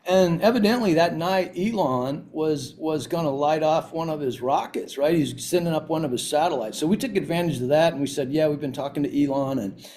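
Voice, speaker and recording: A man's voice: on the high side, a little fast, hardly any pauses, darkish tone. A man guest on a podcast, telling a story with lots of restarts and fillers. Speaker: CEO guest. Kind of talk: casual storytelling interview.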